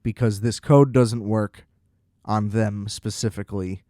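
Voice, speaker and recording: A man's voice: fairly low pitch, steady tone, measured pace, warm tone, no echo, studio quality. A man hosting a podcast alone, ranting in an exasperated, profane way and acting out sarcastic back-and-forths. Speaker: podcast host. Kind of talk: solo ranting monologue.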